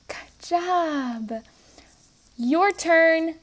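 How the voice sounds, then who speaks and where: A woman's voice: very high voice, very slow. A young woman leading children's story time, coaxing little ones to repeat simple words and sounding them out letter by letter in a sing-song way. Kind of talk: teaching toddlers words.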